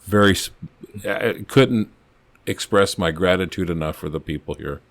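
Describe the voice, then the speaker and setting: Deep-voiced older man telling cop stories. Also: dry recording. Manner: earnest, halting, restarts mid-sentence. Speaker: retired police officer, podcast guest. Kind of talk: casual storytelling chat.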